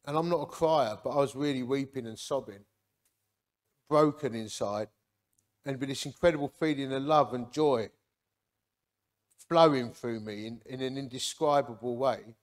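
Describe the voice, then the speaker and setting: A man, giving a lively, jokey personal testimony to a men's gathering and acting out the people in it. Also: mid-range voice, normal speed, pauses often. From Hornchurch, England. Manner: lively, jokey, acts out quotes.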